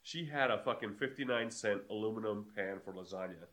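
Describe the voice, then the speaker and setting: A man's voice: lowish voice, a little fast, a bit bright. A man co-hosting a casual podcast, telling a story with lots of swearing and laughter. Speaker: podcast co-host. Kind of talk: casual chat.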